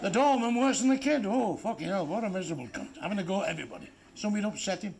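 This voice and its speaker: A man doing stand-up in a high, raised voice, firing off crude, profane jokes with blunt punchlines. The recording is noisy, taken live from a club stage. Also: very animated, racing, vocal fry, darkish tone. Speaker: stand-up comedian. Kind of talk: stand-up comedy routine. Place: club stage before a laughing audience.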